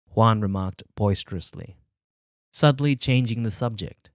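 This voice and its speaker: Low-voiced male audiobook narrator. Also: moderate pace, no room sound, clean studio sound.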